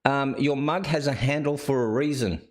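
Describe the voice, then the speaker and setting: A man's voice: mid-range voice, normal speed. An Australian man hosting a live chat show and reading viewer comments aloud. He keeps breaking into laughter. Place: indoors.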